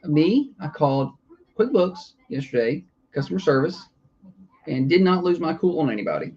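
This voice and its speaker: A man's voice: on the high side, very animated, moderate pace, darkish tone, lo-fi sound. A man hosting a morning radio show, joking and rambling easily in casual banter.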